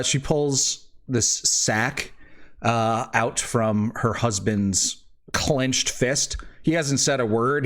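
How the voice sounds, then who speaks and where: A man's voice: medium pitch, fairly bright tone. Laughing man running a tabletop game. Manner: laughing, hesitant with many fillers. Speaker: game master.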